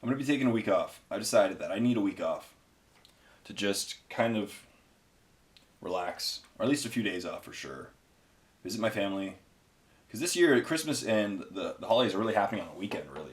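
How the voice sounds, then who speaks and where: A man hosting a hobby painting video, chatting casually and rambling with many fillers while he paints miniatures. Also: on the low side.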